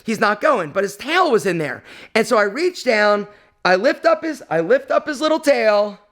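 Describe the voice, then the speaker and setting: Man, high voice, casual vlog storytelling, emotional, rambling with fillers. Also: sing-song, normal speed, a bit bright. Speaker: vlog host.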